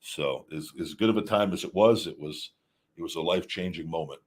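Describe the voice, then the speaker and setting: A man with a fairly low voice hosts a casual livestream. He rambles and restarts often, repeating little words as he reads and answers messages from viewers. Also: fairly quick, slightly rough. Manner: answers viewer chat questions. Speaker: podcast host.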